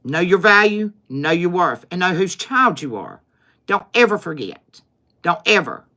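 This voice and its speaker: A woman's voice: on the low side, sing-song, measured pace, pushed and bright. A woman closing a tarot livestream in an emphatic, repetitive, preacher-like way. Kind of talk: spiritual livestream sign-off.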